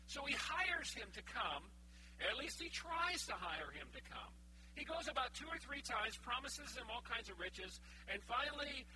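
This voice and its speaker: A male preacher retelling a Bible story in a sermon, casual and animated, with frank asides. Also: high voice. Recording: humming background noise.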